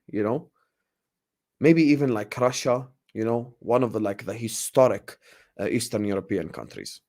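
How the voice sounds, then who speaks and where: A young man in his late twenties hosts a loose live Q&A for his football channel, thanking viewers and riffing on their questions. His talk is animated and chatty, and he often says a line twice. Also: medium pitch. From grew up partly in the UAE. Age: 20s. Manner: animated, repeats phrases, warm thanks to viewers. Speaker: YouTube football channel host. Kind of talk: casual live Q&A chat.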